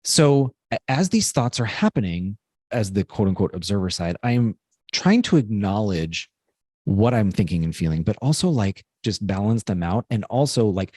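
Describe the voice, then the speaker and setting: A man's voice: fairly low pitch, big pitch swings, moderate pace, darkish tone, no echo, studio quality. A man co-hosting a podcast, talking through a personal story in an earnest, rambling way with lots of fillers. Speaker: podcast co-host. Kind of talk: casual reflective podcast chat.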